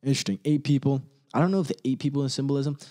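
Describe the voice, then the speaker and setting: A man ranting casually on his own, rambling and profane, laughing often and quickly mimicking others. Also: mid-range voice, fairly even intonation, warm tone. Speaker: solo commentator.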